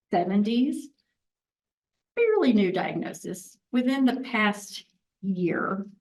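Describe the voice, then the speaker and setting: A woman's voice: mid-range voice, darkish tone, far from the mic, rough recording. A woman of about sixty, a physician, gives a candid, chatty conference talk full of restarts and self-deprecating asides. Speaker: physician presenter.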